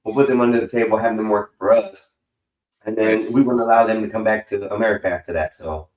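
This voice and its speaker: A man with a fairly low voice talks through a stream in loose, rambling chat. He is slangy and profane and keeps calling people bro. The sound bounces around a roomy, echoey space. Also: steady tone, fast, darkish tone. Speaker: streamer host. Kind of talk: casual chat.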